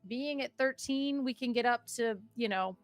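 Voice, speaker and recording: A chatty woman casting a live card game, her voice sitting a little high. She talks through each play with her co-caster and laughs often, and faint music runs under her. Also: moderate pace, no echo.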